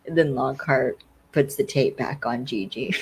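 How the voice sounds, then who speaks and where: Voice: medium pitch, measured pace, slightly rough, low-quality recording. A podcast co-host casually retells a TV episode scene by scene, leaning heavily on "like" as a filler. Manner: rambling retelling full of "like" fillers. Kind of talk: casual TV episode recap chat.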